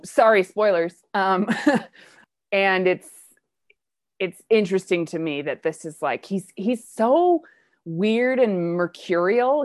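Brief: enthusiastic woman host of a play discussion, low, dry voice. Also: dry recording. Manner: chatty and enthusiastic, with quick asides. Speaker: discussion leader of a play reading. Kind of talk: casual literary discussion.

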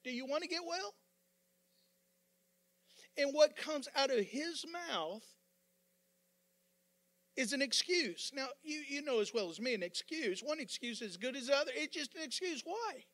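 A man over fifty preaching a sermon as pastor, fervent and repetitive, building up to yelling with joking asides. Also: extremely high pitch, expressive, normal speed, pauses often.

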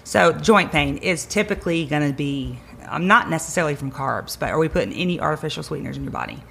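A woman's voice: low-pitched, animated, fast, gravelly, a bit bright, slight background noise. A woman, a chiropractor guest on a podcast, giving emphatic advice and repeating key words to drive her points home. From Greenville County area, South Carolina. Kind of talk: energetic advice-giving conversation.

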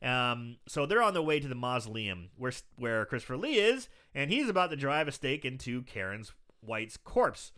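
Guy on a podcast retelling a movie, lively up-and-down voice, clear and bright, does little voices for the characters. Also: mid-range voice, moderate pace, few pauses. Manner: animated storyteller, acts out scenes, swears, laughs often. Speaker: podcast co-host. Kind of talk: casual movie recap chat.

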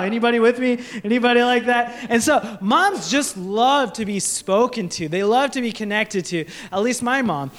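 A man's voice: sits high, normal speed, fairly bright tone. A young man preaching a sermon in an earnest, conversational way, often restarting his sentences and asking the audience questions. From Sri Lanka. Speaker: pastor.

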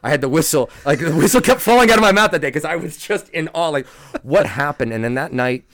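A man's voice: fairly high pitch, expressive, fast, fairly bright tone, dry recording, studio quality. A man in his forties, a podcast guest, telling an earnest, reflective personal story in casual conversation. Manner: earnest, reflective, frequent restarts and "like".

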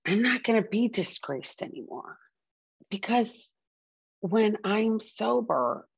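She speaks slowly at a medium pitch with lively intonation, her voice creaky and breathy over lo-fi sound. As a podcast host, she talks candidly and earnestly about her own addiction recovery, frequently circling back to restart sentences.

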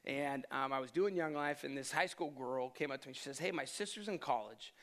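A man in his thirties, a pastor telling a lively personal story in a sermon and laughing often as he goes. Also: mid-range voice, brisk. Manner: animated storyteller, self-deprecating, laughs often.

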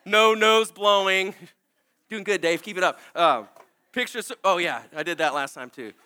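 A man's voice: high-pitched, moderate pace, bright, forceful tone, clear, resonant tone. A man preaching a sermon, earnest and candid, at times tearful, often restarting his sentences.

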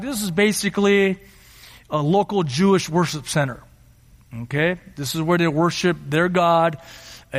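A man preaching a sermon as pastor, earnest, slowing down for emphasis and acting out quotes. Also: high-pitched. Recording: reverberant hall.

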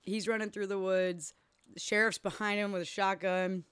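A woman's voice: medium pitch, fairly even intonation, moderate pace, fairly bright tone, clear, resonant tone, no echo, clean studio sound. A young woman co-hosting a podcast, casually retelling a movie plot, acting out quotes, laughing and swearing. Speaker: podcast co-host. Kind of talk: casual movie recap chat.

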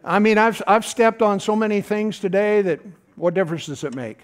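A middle-aged man preaching a sermon in a folksy, animated way, tossing out asides to the congregation. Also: sits high, fairly quick. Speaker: pastor.

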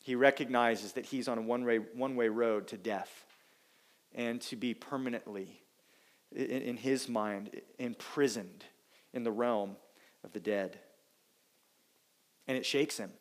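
A man preaching a sermon, earnest and emphatic, with dramatic pauses and repeated phrases for weight. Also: mid-range voice, fairly even intonation.

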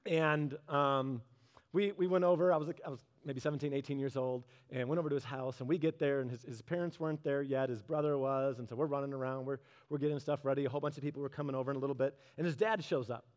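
With fairly even intonation, a preacher talks to his congregation as if in conversation, asking them questions and slowing into a lower register for the important lines.

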